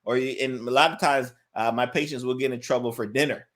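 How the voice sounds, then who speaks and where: A man's voice: mid-range voice, steady tone, a little fast, fairly bright tone. A male physician giving a health education talk, emphatic and conversational, often checking in with "right?" and "guess what?".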